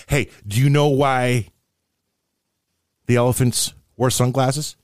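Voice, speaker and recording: A man's voice: medium pitch, steady tone, slow pace, darkish tone, dry recording, studio quality. A middle-aged man co-hosting a podcast, rambling and poking fun at himself as he tells dad jokes. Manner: rambling, self-mocking joke teller. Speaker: podcast co-host. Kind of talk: casual podcast chat, telling dad jokes.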